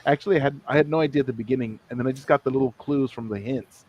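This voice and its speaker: A man's voice: mid-range voice, racing, slightly rough, highs cut off. Easygoing man chatting on a video call. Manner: relaxed, acts out character lines while retelling. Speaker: podcast co-host. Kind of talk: casual chat reviewing comics.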